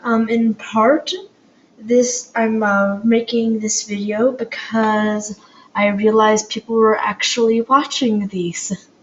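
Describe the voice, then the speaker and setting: A woman's voice: fairly high pitch, level tone, takes it slowly. Hesitant woman reading aloud at home. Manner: hesitant, with fillers and slips. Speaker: audiobook reader. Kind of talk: amateur audiobook narration. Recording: dull lo-fi home recording, faint hiss.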